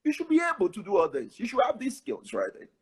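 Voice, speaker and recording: A Nigerian man with a Nigerian accent, a professor giving animated advice as a guest on a webinar over a video call. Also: high-pitched, fast talker, slightly rough. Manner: animated, advising.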